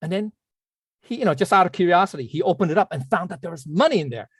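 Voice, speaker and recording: A man's voice: high voice, animated, quick pace, breathy edge, no room sound. A man telling a story in an online class, rambling, with many restarts, repeated words and apologetic asides. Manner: apologetic asides when losing the thread. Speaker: teacher.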